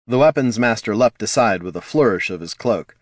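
A man narrating a fantasy audiobook in a measured storytelling manner. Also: fairly low pitch, animated, no echo, clean studio sound. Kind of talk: scripted narration.

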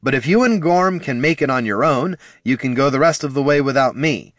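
A man voicing a passionate male bard who shouts and pleads in a high, urgent voice, recorded dry. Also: expressive, fairly quick, no echo, natural voice. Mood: insistent.

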